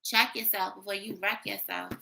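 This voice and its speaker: A woman giving a casual tarot reading, blunt and sassy, talking her thoughts out loud. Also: medium pitch, wildly swooping pitch, normal speed, slight background noise, low-quality recording. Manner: blunt, sassy, thinking aloud. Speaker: tarot reader.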